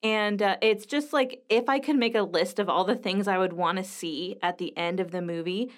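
A woman's voice: mid-range voice, normal speed. A woman, a mother in her thirties, chatting casually and enthusiastically about a film she watched, with frequent fillers. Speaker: mom movie reviewer. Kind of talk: casual movie review chat.

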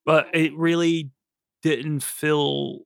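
A man's voice: a little high, level tone, extremely slow, creaky, no echo, clean studio sound. A man co-hosting a podcast, recapping and joking about a film in a laid-back way. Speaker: podcast co-host. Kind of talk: casual movie review chat.

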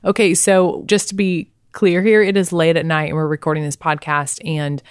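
A woman's voice: low-pitched, little pitch movement, moderate pace, smooth, no echo, studio quality. A young woman co-hosting a podcast, chatting in an upbeat, enthusiastic way. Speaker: podcast co-host. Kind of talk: casual chat.

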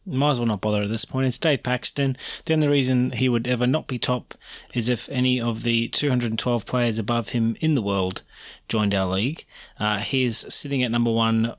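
A man's voice: medium pitch, fairly even intonation, normal speed, no room sound, clean studio sound. A man co-hosting a casual sports podcast, thinking aloud and rambling with many ums. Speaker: podcast co-host.

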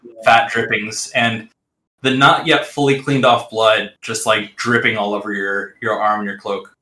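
Man, game master, tabletop narration, bright tone, echoey room. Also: fairly low pitch, flat delivery, slight background noise. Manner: descriptive, halting with fillers. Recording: roomy echo.

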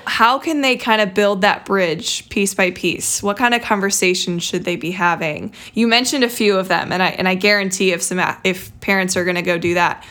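A woman's voice: medium pitch, moderate pace, hardly any pauses, a bit bright. A young adult woman hosting a podcast, talking in a chatty, reflective way with lots of casual fillers. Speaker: podcast host.

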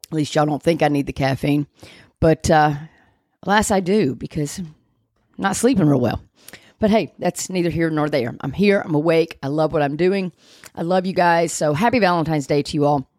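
A woman's voice: sits low, moderate pace, darkish tone, dry recording. A woman hosts a dog-training podcast. She talks in a loose, chatty way, wandering off into joking asides about herself. Her voice sits close and dry on the mic, with no room sound. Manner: chatty, rambling, self-deprecating asides. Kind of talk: casual podcast chat.

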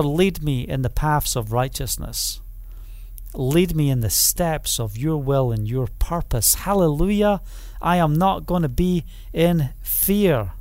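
A man preaching a sermon with fervor, calling out hallelujah and amen, rising to loud proclamation and dropping to quiet, low passages. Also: no echo. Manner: fervent, repeats phrases, calls out hallelujah and amen.

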